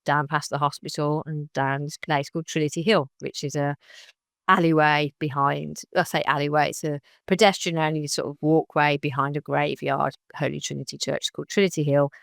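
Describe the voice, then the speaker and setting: A woman's voice: sits low, moderate pace, gravelly, no room sound, clean studio sound. Woman telling her story on a podcast. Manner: animated retelling that acts out other people's lines. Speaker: interview guest.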